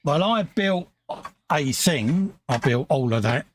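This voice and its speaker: A man's voice: a little high, animated, takes it slowly, slight background noise. A man co-hosting a casual livestream, chatty and jokey, chatting with viewers. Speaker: co-host of a modelling livestream. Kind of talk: casual chat.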